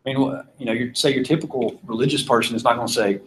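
A man's voice: mid-range voice, quick pace, fairly bright tone, slight background noise, rough recording. A man with a Southern US accent from Georgia, giving an informal philosophy lecture, chatty and quizzing the class. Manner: chatty, asks the class questions, laughs often. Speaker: philosophy teacher.

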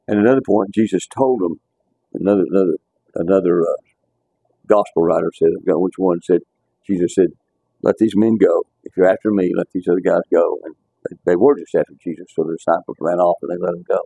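A man's voice: sits low, warm tone, no room sound. A man teaching a casual Bible class, talking conversationally and repeating words as he restarts his sentences.

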